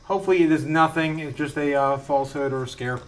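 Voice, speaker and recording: Man, live stream host, casual chat, home studio, laughs often, rambling fillers, fairly high voice. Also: fast talker.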